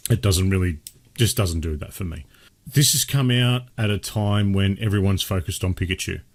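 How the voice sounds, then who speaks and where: A man's voice: sits low, normal speed. A man co-hosting a casual gaming podcast, chatting loosely and rambling with many restarts. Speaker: podcast co-host. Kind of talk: casual chat.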